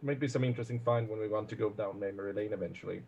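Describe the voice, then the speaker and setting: A man playing a tabletop role-playing game, speaking hesitantly with many pauses. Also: fairly low pitch, steady tone, creaky, a little mellow, muffled recording, slight background noise. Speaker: player. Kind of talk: tabletop role-play chat.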